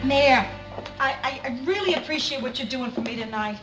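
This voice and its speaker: A woman's voice: sits high, normal speed, music in the background, natural voice. A woman playing a wisecracking, self-mocking friend. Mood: wry. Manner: wry joking, self-deprecating. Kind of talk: sitcom acting. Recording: echoey studio with loud noise.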